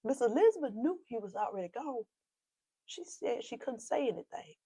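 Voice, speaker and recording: A woman pastor with a South Carolina accent tells her story in emotional bursts, acting out what each person said and repeating phrases. Her voice often sinks to a soft whisper. The sound is close and dry, with no room echo. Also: fairly high pitch, sing-song, normal speed, husky. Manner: repeats and re-enacts dialogue with quoted speech. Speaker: pastor, podcast guest. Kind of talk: personal testimony in a conversation.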